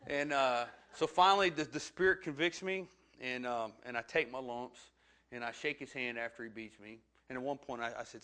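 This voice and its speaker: A man's voice: medium pitch, normal speed, pushed and bright. A man, preaching a sermon and telling a funny personal story with self-deprecating humor. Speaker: pastor.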